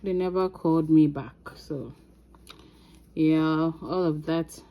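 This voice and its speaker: A woman with a Ghanaian accent telling a story from her own life in a casual vlog, animated and laughing often. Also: low-pitched, slow, muffled recording. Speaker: crafting vlogger.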